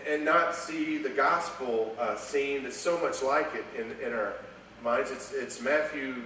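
Animated preacher in an echoey hall. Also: male voice, mid-range voice. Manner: animated, repeats words, voice swings from hushed to raised. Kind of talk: sermon. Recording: echoey room, voice from far off, faint noise.

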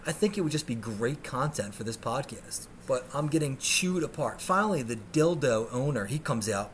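Over slight background noise, a man with a mid-range voice hosts a podcast, talking at normal speed with few pauses. His story is comic and profane, animated, and punctuated by shrieks as he plays out scenes.

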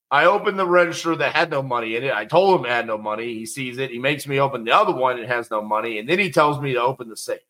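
A man telling a personal story in a conversational, animated way, with quick asides to the listener. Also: medium pitch, low-quality recording. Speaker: storyteller recounting a personal experience.

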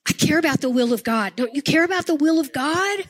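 A woman's voice: high voice, lively intonation, fairly quick. An older woman pastor preaching a sermon with impassioned, emphatic repetition.

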